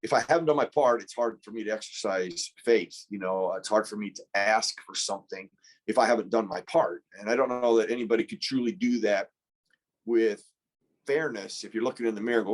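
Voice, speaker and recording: In a low-leaning voice with a slightly quick pace, a man in his fifties, once a pro football player, tells an earnest, reflective story as a podcast guest. He frequently restarts his sentences.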